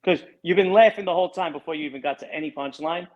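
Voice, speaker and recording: A man co-hosting a casual podcast who teases his co-host and asks quick questions. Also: a little high, lo-fi sound. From New York. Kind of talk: casual chat.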